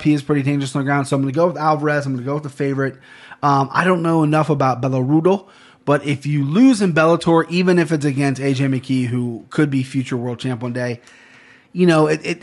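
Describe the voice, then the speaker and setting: Casual, rambling male podcast host. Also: mid-range voice. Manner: rambling, swears casually, self-deprecating. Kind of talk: casual sports betting chat.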